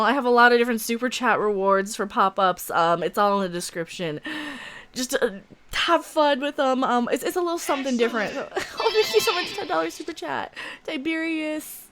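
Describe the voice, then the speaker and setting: A woman's voice: a little high, animated, brisk, fairly bright tone. A woman hosting a casual live stream from home, chatty and giggly, swearing freely as she greets viewers and reads out donations. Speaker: livestream host. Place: room at home with a window open.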